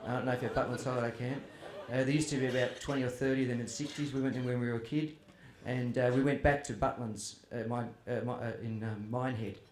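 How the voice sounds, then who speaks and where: Speaking at a festival, a chatty author tells funny family stories to a live audience, mocking himself and quoting his father. His medium-pitched, darkish voice is flat and quick with hardly any pauses, and the roomy hall or tent carries faint ambience plus a little hiss or hum.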